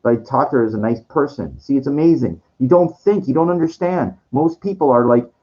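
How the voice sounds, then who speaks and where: A man's voice: medium pitch, lively intonation, a little fast, warm tone, dull audio. A man talking in a rambling monologue, full of restarts and swearing, sometimes acting out what others said. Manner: quoting others in acted voices. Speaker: streamer.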